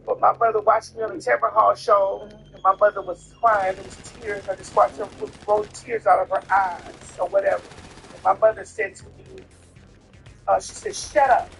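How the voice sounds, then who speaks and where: A man's voice: high-pitched, lively intonation, normal speed, vocal fry, a bit bright, soft background music. A tipsy man telling a personal story in a casual way, emphatic, repetitive and profane.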